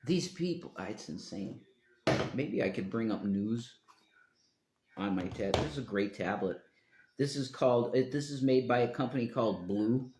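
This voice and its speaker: A man's voice: medium pitch, expressive, moderate pace, background noise. A man talking on his own live stream in a meandering, profane monologue, often trailing off mid-sentence. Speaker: livestreamer. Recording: roomy echo.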